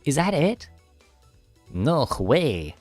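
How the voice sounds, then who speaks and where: A man's voice: fairly high pitch, very animated, extremely slow, a little mellow, no echo, soft background music. A young man live-streaming his game coding, chatting casually with viewers, easily distracted and laughing often.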